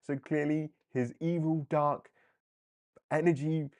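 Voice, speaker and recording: A man hosting a live comic book discussion, animated and often laughing as he briefly acts out characters. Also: a little high, takes it slowly. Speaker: comic book livestream host. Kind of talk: casual live commentary.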